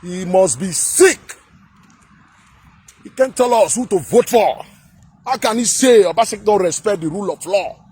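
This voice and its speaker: A man with a Nigerian accent, from Edo State, delivering a heated political rant to camera, shouting at times and repeating himself for emphasis. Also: high voice, lively intonation, normal speed, pauses often, breathy edge. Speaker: political commentator.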